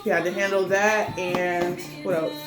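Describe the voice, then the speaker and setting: A woman's voice: on the low side, fairly even intonation, unhurried, music in the background. A woman co-hosting a casual mukbang chat, talking loosely with lots of fillers while she eats. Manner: chatty, loose and rambling, full of fillers. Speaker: mukbang co-host. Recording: roomy echo.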